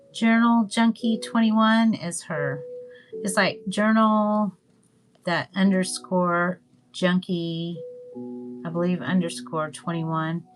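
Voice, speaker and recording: Heard over poor audio with music behind her, an older woman from Northwest Florida talks in a lowish Southern-accented voice. Crafting on a livestream, she chats and rambles, letting sentences trail off with ums.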